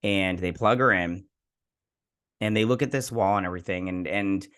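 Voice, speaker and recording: With a deep, clean, fairly bright voice at a moderate pace, a man hosting a TV review casually walks through an episode. He rambles, leaning on fillers and quoting lines with "he's like."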